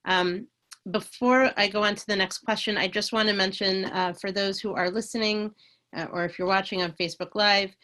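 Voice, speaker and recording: A woman moderating an online panel discussion, speaking haltingly and restarting often as she searches for words. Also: medium pitch, fairly even intonation, sharp tone.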